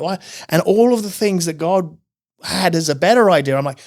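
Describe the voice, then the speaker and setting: Middle-aged guy telling his story on a podcast, kinda high voice, acts out what he yelled back then. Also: lively intonation, normal speed. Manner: storytelling, emphatic, acts out his own past outbursts. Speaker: podcast guest. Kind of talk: testimony in casual interview.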